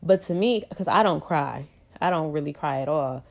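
A woman's voice: sits low, normal speed, vocal fry, a little mellow. A young pregnant woman vlogging to her viewers in a casual, rambling way, often out of breath and full of "like" and "you know".

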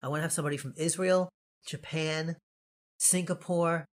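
A man's voice: on the high side, fairly even intonation, normal speed. Rambling Long Island man hosting. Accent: New York, Long Island. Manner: rambling, jokey, laughs often. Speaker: podcast host. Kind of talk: casual podcast chat.

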